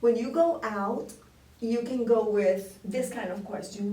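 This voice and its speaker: With a mellow, slightly high voice and a measured pace, a woman guides an English conversation class, alternating between English and Spanish. Patient in her explanations, she models intonation and laughs frequently, and the roomy classroom is recorded from a distance with faint noise.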